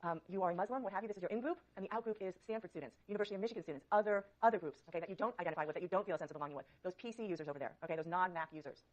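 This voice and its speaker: A woman psychology lecturer teaching a university class, coaxing students with frequent okays. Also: fairly low pitch. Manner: brisk, coaxing, many okays. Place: large lecture hall. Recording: dull lo-fi lecture recording.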